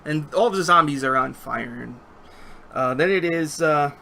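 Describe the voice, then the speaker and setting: A man narrating a tabletop game as game master, with a gravelly edge and a bright, forward tone. He sounds relaxed and thinks aloud over the dice. His voice sits a little higher than most men's. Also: a little slow, a little hiss or hum.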